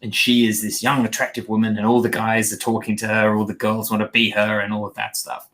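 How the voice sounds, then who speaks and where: A man co-hosting a podcast, reviewing a show in casual chat, rambling with many pauses and restarts. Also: fairly low pitch, little pitch movement, fairly bright tone. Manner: mimics characters in quoted lines. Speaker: podcast co-host.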